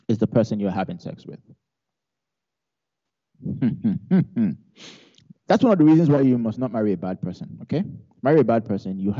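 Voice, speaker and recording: A man's voice: fairly low pitch, dark tone, muffled recording. A male pastor delivering a sermon, hammering key phrases through repetition and weaving in humorous personal stories.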